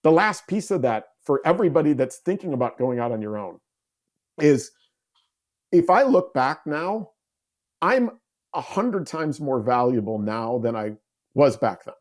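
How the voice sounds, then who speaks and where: A man in his forties, a podcast guest, telling stories in an animated way and acting out quoted dialogue. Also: mid-range voice, a little slow. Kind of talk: storytelling interview talk.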